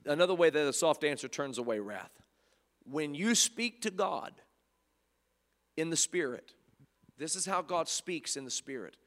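A male preacher delivering a sermon, swinging between loud fervor and hushed softness and repeating phrases. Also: fairly high pitch, animated, measured pace, pauses often. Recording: long hall reverb.

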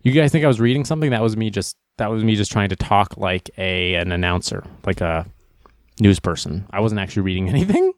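A young man hosting a comedy news show, joking and rambling through stories with quick asides. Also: fairly low pitch, very animated, no echo, studio quality. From Boston area. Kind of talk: casual comedic news commentary.

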